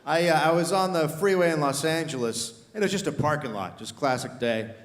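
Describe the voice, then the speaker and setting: A middle-aged man doing animated stand-up comedy, shouting his acted quotes. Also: fairly high pitch, a little fast. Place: large theater stage. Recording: reverberant theater hall. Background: audience laughter.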